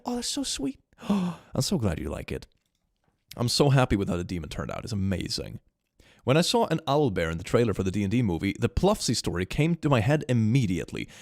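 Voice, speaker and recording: Animated young man with a cold. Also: mid-range voice, dry recording, studio quality. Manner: animated, laughs often, reads messages aloud. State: slight cold, stuffy nose. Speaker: streamer reading chat. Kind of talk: casual live-stream chat.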